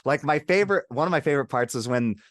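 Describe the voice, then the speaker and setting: A man co-hosting a casual film chat, talking in a relaxed, reflective way. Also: mid-range voice, quick pace, no room sound, clean studio sound. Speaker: podcast co-host.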